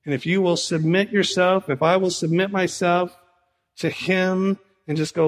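A male pastor preaching a sermon in an animated way, acting out conversations as he teaches. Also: high voice, normal speed, in a large hall. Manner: animated preaching, acts out dialogue with Jesus.

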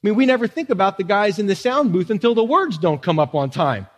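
A man's voice: high-pitched, expressive, fast talker. A man preaching a sermon as pastor, conversational, with frequent rhetorical questions to the congregation. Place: church sanctuary. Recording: long church reverb.

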